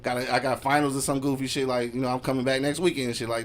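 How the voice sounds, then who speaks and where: A man's voice: mid-range voice, level tone, rapid-fire. A man co-hosting a podcast, telling stories in loose, slangy, emphatic casual talk. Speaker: podcast co-host. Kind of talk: casual talk radio chat.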